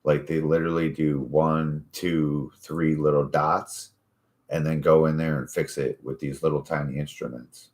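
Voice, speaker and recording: A man's voice: extremely low pitch, little pitch movement, moderate pace, a little mellow. A man in his forties, a podcast host, telling stories in casual, profane chat. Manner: profane, easygoing storytelling.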